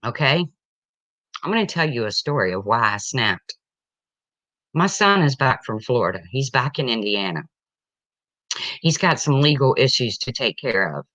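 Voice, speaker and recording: A woman's voice: very deep voice, sing-song, moderate pace, pauses often, fairly bright tone, no echo. A middle-aged woman venting about her family in an emotional personal rant, blunt and heated, tearful at times. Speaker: parent venting online. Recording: dull lo-fi sound, dry.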